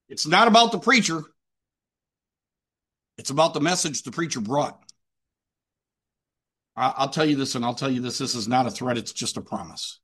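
A man's voice: mid-range voice, fairly bright tone, slightly rough. A man preaching a sermon emphatically, with rhetorical questions and repetition.

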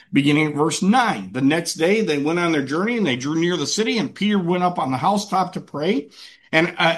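A man with a slightly high voice preaches a relaxed, conversational sermon. He retells the passage in a folksy way and often stumbles and restarts his words. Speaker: pastor.

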